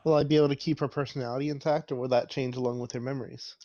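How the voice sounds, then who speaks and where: A man playing in a tabletop game, eager and quick to laugh. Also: mid-range voice, steady tone, mellow, no room sound, lo-fi sound. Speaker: player. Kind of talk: casual tabletop play.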